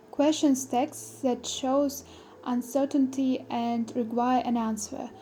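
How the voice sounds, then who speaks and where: A young woman from Kyrgyzstan presents a student lesson, reading each example sentence with careful, measured pacing. Her voice sits high yet sounds warm and mellow rather than bright. Soft music plays faintly beneath her. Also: steady tone. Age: young adult. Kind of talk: read-aloud lesson presentation.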